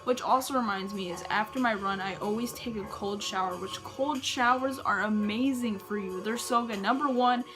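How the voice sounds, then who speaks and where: A woman's voice: medium pitch, normal speed, few pauses, over music. A young woman giving casual running tips in a chatty, rambling way, full of "like" and restarts. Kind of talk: casual advice vlog.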